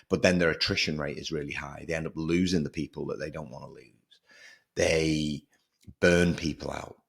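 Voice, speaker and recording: A man hosting a solo podcast, talking in an energetic, emphatic way and repeating words for stress. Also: extremely low pitch, brisk, creaky. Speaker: podcast host.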